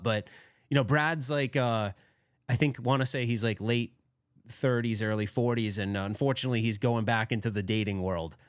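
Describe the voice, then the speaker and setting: A man with a medium-pitched voice hosts a casual livestream, rambling and self-deprecating as he reads out viewer comments and laughs often. The audio is clean studio sound without echo.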